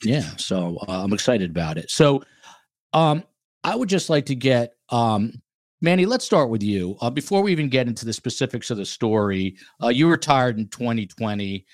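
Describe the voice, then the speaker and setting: New York male podcast host, mid-pitch, loose and hesitant, dead-dry room. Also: big pitch swings, dry recording. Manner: casual, halting with fillers. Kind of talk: podcast interview.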